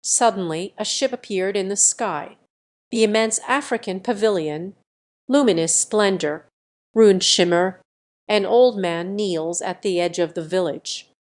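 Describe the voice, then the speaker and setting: A woman narrating a fantasy audio story in a measured storytelling voice. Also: mid-range voice.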